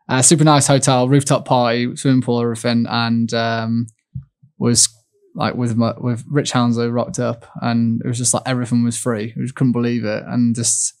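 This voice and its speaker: A young man tells a lively anecdote on a studio podcast. His voice sits in a middle pitch and he chats casually, laughing as he goes. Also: normal speed. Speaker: guest, Olympic kayak champion. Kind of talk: casual storytelling chat.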